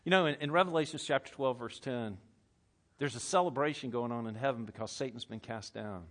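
A man with a Southern US accent preaching a sermon as pastor, telling stories with lively swings between loud bursts and hushed passages. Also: mid-range voice, a little fast. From Southern United States.

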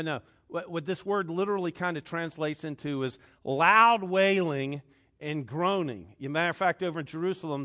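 A male pastor delivers a sermon in an earnest, conversational way, reading scripture aloud and then talking it through. His voice sits slightly high for a man. He restarts and repeats words as he goes. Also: fairly bright tone.

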